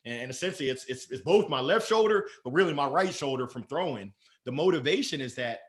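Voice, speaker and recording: A man talking as a guest in a casual interview, lively and playful, laughing often. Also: medium pitch, fast. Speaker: sales leader guest.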